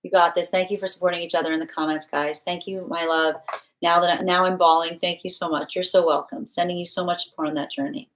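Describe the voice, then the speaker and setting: A woman with a somewhat low voice hosts a live tarot stream. She talks casually and affectionately, thanking viewers and reading out their comments. When she turns to the cards, she rambles and pads her talk with fillers. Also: flat delivery, fast talker, slight background noise, low-quality recording. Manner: chatty, warm-hearted, reads comments aloud. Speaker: tarot reader.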